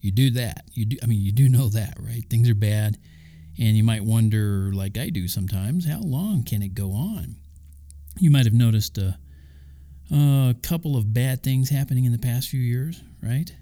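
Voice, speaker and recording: Mellow-voiced man giving a casual devotional talk. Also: mid-range voice, moderate pace. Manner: conversational, with asides and chuckles. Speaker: Christian podcast host.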